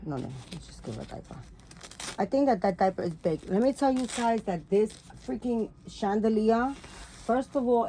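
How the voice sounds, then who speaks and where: A woman hosting a doll vlog in casual chat, loose, profane and rambling with many fillers, cooing softly at her dolls. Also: mid-range voice, a little hiss or hum. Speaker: doll channel host.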